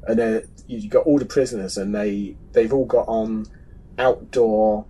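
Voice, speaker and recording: A man's voice: on the low side, steady tone, measured pace, warm tone, breathy edge, low-quality recording. A man co-hosting a casual film podcast, chatty and hesitant, often restarting his sentences. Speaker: podcast co-host.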